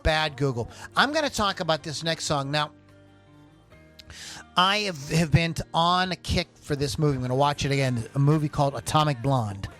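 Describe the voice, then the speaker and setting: A man's voice: fairly high pitch, moderate pace, a bit bright. A male podcast host with a slightly raised voice rambles through casual chat, tripping over his own words. Faint music plays behind him.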